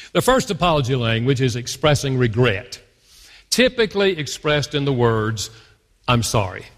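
A man's voice: mid-range voice, fairly bright tone. A man giving an earnest teaching talk to a conference audience. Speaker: guest speaker. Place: large conference hall. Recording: long hall reverb from a live conference.

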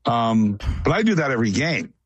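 A man of middle pitch talks in a rambling, matter-of-fact way, one story running into the next. The sound is dry and close, with no room around it. It is a casual radio interview. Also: sing-song, a little fast, husky, no room sound, dull audio. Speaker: guest.

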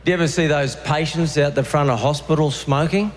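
A man with an Australian accent performing a stand-up comedy routine, telling deadpan stories and acting out the voices of other people. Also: on the high side, brisk, few pauses, crowd noise, noisy background. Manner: deadpan storytelling with acted-out voices.

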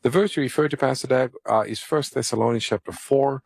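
A man's voice: medium pitch, fairly quick, creaky, slightly rough, dry recording, studio quality. A man co-hosting a call-in Bible radio show, explaining scripture, giving phone numbers and introducing callers. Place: radio studio.

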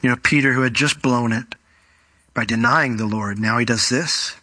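A man's voice: mid-range voice, moderate pace, sharp tone, no echo. A man preaching a sermon in a conversational, storytelling way, briefly acting out the voices of Bible characters. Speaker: pastor.

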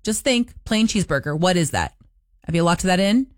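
A woman radio host telling a story in a casual, animated, incredulous way. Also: fairly low pitch, a little fast, no echo, clean studio sound. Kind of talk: casual radio talk segment.

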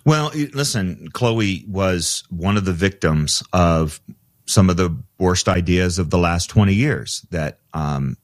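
Male guest, very deep, emphatic with stumbles, dry studio. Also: lively intonation, takes it slowly, dry recording. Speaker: guest, organization president. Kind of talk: talk radio interview.

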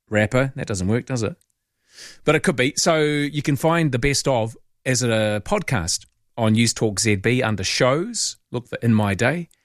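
A man's voice: mid-range voice, no room sound, studio quality. A man hosting a talkback radio show, chatting casually and joking around. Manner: playful, jokey, lively asides. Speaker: radio host. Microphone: studio microphone.

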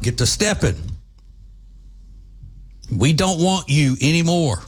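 Man, from the United States, commentary host, unhurried delivery, combative, repeats himself for emphasis. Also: a little high, very animated, breathy edge. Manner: emphatic and combative, hammering points through repetition. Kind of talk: opinionated monologue commentary.

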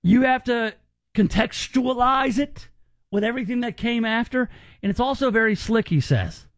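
A man's voice: very high-pitched, lively intonation, normal speed, dry recording. A male radio talk show host giving emphatic, opinionated commentary in a chatty way.

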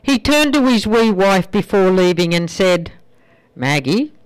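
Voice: medium pitch, animated, normal speed, clear, resonant tone, poor audio. A radio host in a chatty, playful mood, linking songs and telling jokes on air.

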